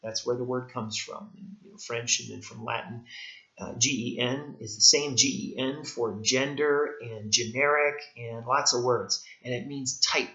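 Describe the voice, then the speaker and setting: A man's voice: mid-range voice, steady tone, moderate pace, creaky, pushed and bright. A male writing instructor giving a recorded course lecture, emphatic and repeating his key points. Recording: echoey room, dull lo-fi sound.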